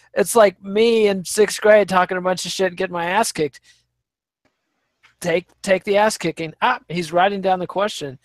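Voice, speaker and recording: A man with a high voice trades blunt, crude jokes on a podcast. The sound is close and dry, with almost no room. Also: no echo. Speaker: podcast co-host. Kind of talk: casual podcast banter.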